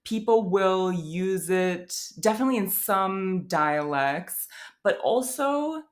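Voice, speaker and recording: A woman's voice: medium pitch, expressive, slow pace. A woman from Wisconsin with a Midwestern American accent, giving a casual pronunciation lesson, thinking aloud with fillers and demonstrating sounds. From Wisconsin, USA. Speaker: language teacher.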